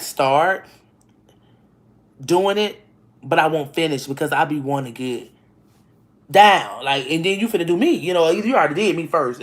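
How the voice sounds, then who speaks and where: A woman telling stories in a casual vlog from home, laughing often and talking bluntly with many restarts. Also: medium pitch. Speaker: vlogger. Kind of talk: casual storytelling chat. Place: home, indoors.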